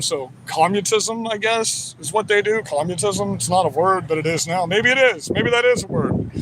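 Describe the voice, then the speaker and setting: A man livestreaming outdoors, ranting in a profane, combative and rambling way. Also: sits high. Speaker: livestreamer at a rally counter-protest. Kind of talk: casual livestream rant. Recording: outdoor street noise with traffic.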